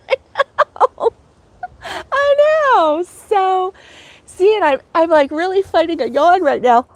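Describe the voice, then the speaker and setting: A middle-aged American woman with a bright, chatty and giggly manner, hosting a casual livestream and talking back to viewer comments. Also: very high voice, lively intonation, takes it slowly, pauses often, no echo. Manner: chatty and giggly, laughs often. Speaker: host of a crochet livestream.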